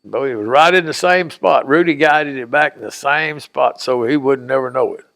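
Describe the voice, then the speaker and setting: A man's voice: mid-range voice, moderate pace, vocal fry, fairly bright tone. An older man being interviewed, telling a childhood story in a folksy, rambling way and acting out the voices of the people in it. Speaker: oral history interviewee.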